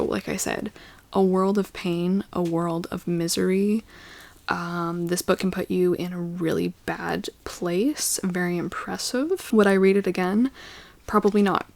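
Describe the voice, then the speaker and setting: A woman's voice: on the low side, fairly even intonation, a little slow, vocal fry. A young woman reviewing her favourite books in a casual vlog, gushing and playful, sometimes dropping into a whisper. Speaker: book reviewer.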